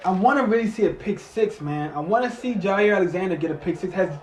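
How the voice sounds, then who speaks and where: Here's an excitable guy eating while he narrates a football game play by play, his reactions swinging between mumbles and cursing outbursts. He talks fast in a high register, and the sound is roomy.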